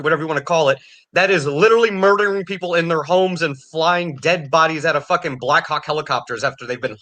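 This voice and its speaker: A man's voice: high voice, sharp tone. A man ranting angrily and sarcastically about politics, swearing constantly. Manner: angry, profane, sarcastic ranting. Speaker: podcast co-host.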